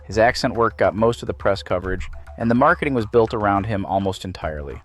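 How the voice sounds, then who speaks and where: Low-voiced, measured video essay narrator. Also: male voice. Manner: measured, analytical. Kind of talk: scripted narration.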